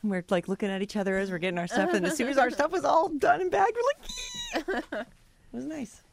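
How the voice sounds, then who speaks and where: A woman co-hosting a casual chat show, telling lively anecdotes with lots of laughs. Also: high-pitched, a little fast, gravelly, no room sound. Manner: chatty storyteller, lively and laughing.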